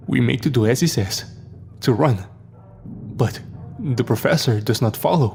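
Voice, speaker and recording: A man narrating a scripted horror story in a dramatic, measured way. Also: mid-range voice, vocal fry, slight background noise. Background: soft background music.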